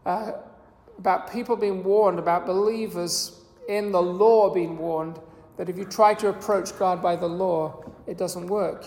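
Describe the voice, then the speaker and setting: An unhurried preacher who explains scripture in a measured, earnest way and sometimes restarts a phrase. The voice rings through a roomy space, and a long reverb tail trails off each phrase. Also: mid-range voice, gravelly, a little mellow. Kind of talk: sermon. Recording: echoey hall with long reverb.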